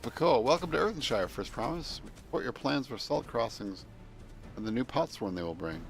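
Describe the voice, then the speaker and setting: A man's voice: mid-range voice, lively intonation, fairly quick, vocal fry, soft background music. A man voicing a small, formal male announcer while reading game dialogue aloud, in clipped, proclaiming phrasing.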